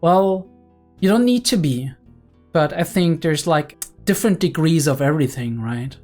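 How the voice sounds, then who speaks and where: A young man giving casual anime reaction commentary, excited and analytical, often checking in with "right?" and filler "like". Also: a little high, moderate pace, soft background music. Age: young adult.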